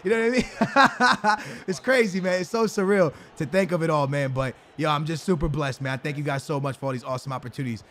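High-voiced young man calling his game. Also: fast, a little hiss or hum. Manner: slangy, rambling, bursts into excited shouting on goals. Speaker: gaming video host. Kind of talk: live gameplay commentary.

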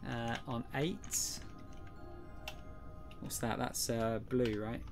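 Playing a game live, a young man chats and greets viewers, his voice falling to a quiet mutter as he puzzles things out. The medium-pitched voice is steady, creaky and very slow, heard over music.

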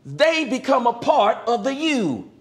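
A minister preaching with a very high voice that climbs and falls all over the place. He drops into low asides, then bursts out loud, and keeps asking the congregation for an amen. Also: big pitch swings, unhurried, soft background music. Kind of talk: sermon.

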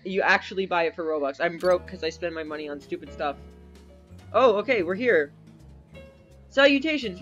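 A man's voice: high voice, muffled recording. A young man doing playful game commentary, giggling often and reading in-game chat aloud in a goofy way. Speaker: gaming YouTuber.

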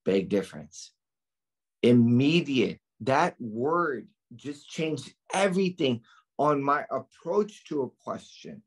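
Emphatic husky-voiced male tutor, slow delivery. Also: medium pitch, animated. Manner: emphatic, asks students questions and answers them himself. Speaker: nursing exam tutor. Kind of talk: lecture to students.

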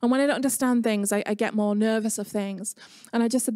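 A woman's voice: a little high, fairly even intonation, fast, darkish tone, no room sound, clean studio sound. A woman with an English accent preaching an online sermon in a chatty, conversational way, mixing personal stories with scripture. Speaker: pastor.

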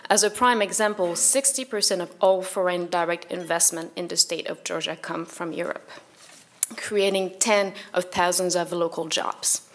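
Lady giving a welcome speech, lowish voice, formal, bit halting. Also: steady tone. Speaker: mayor's office representative.

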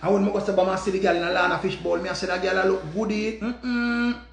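A man with a Jamaican accent telling a story in an animated, profane rant and repeating his phrases. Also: high voice, fast, creaky, echoey room, a little hiss or hum. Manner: repetitive, profane, dramatic retelling. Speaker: vlogger.

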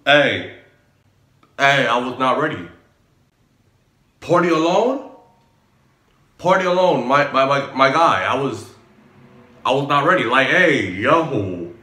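A man hosting a music reaction video, talking casually with excitable slang and repeated exclamations. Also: mid-range voice, unhurried, pauses often. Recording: echoey room with music playing. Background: song playing in background.

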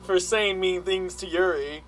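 A man's voice: high-pitched, fairly even intonation, a little slow, a bit bright, faint music behind, low-quality recording. A man making joking, teasing remarks in casual banter during a game playthrough. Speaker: gamer co-host.

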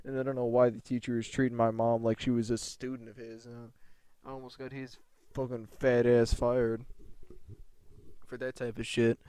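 Guy rambling thru a storytime, swears a lot, dark smooth voice, dry close sound. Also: mid-range voice, flat delivery, normal speed, no echo. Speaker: vlogger. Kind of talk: casual storytime monologue.

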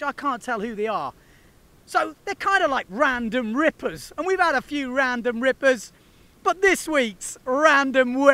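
A man's voice: very high voice, sharp tone. A man hosting a windsurfing video, chatting casually and enthusiastically to the camera in slangy talk.

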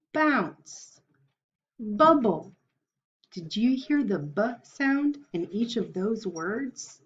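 A woman teaching an online preschool lesson, slow and cheerful, with sing-song praise for young children. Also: medium pitch, darkish tone, muffled recording.

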